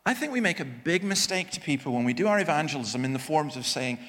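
Animated male preacher in an echoey hall. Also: on the high side, fast talker. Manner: emphatic, self-deprecating humor, frequent restarts. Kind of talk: sermon with personal anecdotes.

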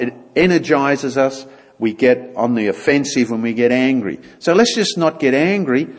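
A man speaks to a church gathering in a plain, chatty way and now and then acts out short exchanges. His voice sits a little high and is slightly husky, with a very animated melody. It rings out with a long hall reverb. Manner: conversational, acts out little dialogues. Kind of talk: informal church talk.

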